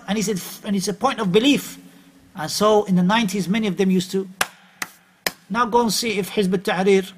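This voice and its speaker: A man's voice: high voice, fairly bright tone. A middle-aged man giving an Islamic lecture, emphatic and repeating his points. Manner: emphatic, repeats phrases, uses Arabic terms. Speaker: Islamic preacher.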